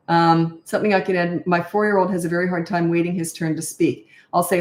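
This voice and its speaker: Chatty older woman, low voice. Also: fairly even intonation, fast, hardly any pauses, echoey room. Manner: frank, chatty, thinks aloud. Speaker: parenting coach. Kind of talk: live Q&A, answering viewer questions.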